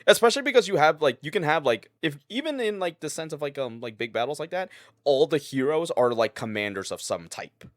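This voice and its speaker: A man co-hosting a podcast, talking in a halting, animated way and laughing easily. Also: a little high, dry recording, clean studio sound. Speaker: podcast co-host. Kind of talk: casual chat.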